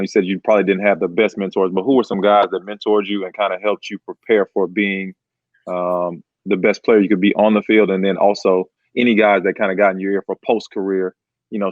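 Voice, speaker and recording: A man's voice: low voice, level tone, quick pace, dry recording. A man co-hosting a podcast, asking interview questions in an easygoing, encouraging way. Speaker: podcast co-host. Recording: dull, dry lo-fi sound.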